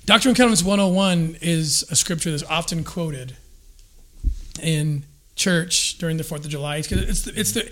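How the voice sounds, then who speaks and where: High-voiced man telling an animated story. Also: normal speed. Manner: energetic storyteller, acts out quotes with restarts. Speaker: guest discussing scripture and history. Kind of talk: animated conversational explanation.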